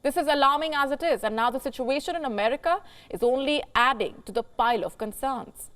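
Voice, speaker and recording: A woman's voice: sits high, a little fast, a bit bright. A woman news anchor delivering scripted commentary emphatically, quoting experts and posing rhetorical questions to the viewer.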